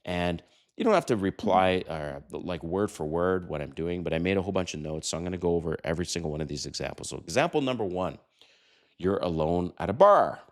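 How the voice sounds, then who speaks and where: A man in his fifties hosting a dating advice talk, brash and emphatic, who swears and acts out quoted lines in a higher voice. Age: 50s. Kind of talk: casual talking-head advice monologue.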